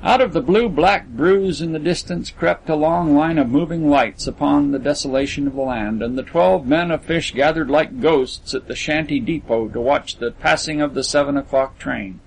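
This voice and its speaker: A man narrating a literary story as an audiobook, in a measured storytelling manner. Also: fairly high pitch, vocal fry, poor audio.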